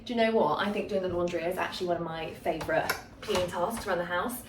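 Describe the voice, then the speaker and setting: A woman's voice: fairly low pitch, quick pace. A young woman chatting casually to camera at home in an upbeat way, with many fillers. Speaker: vlogger. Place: home, indoors. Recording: camera mic from a distance, faint ambient noise.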